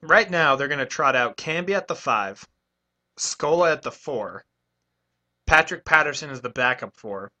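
A man's voice: fairly high pitch, expressive, normal speed, sharp tone. A man co-hosting a casual sports radio show from a college station studio, chatting and rattling off team rosters.

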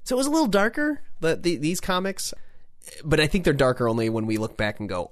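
A man's voice: on the high side, lively intonation, quick pace, dry recording, studio quality. A man hosting a podcast, chatting casually and animatedly, with lots of restarts and playful little voices. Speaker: podcast host. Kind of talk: casual chat.

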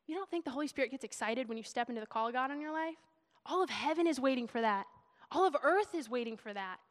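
Under long hall reverb, a young woman with a high-sitting voice preaches a sermon at a fast, animated clip. She is chatty and emotional, laughing as she goes.

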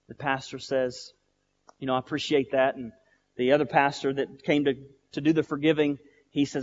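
A male pastor preaching a sermon, telling stories and building from quiet, slow lines to loud, emphatic ones. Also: fairly high pitch, big-room sound, highs cut off. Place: church sanctuary.

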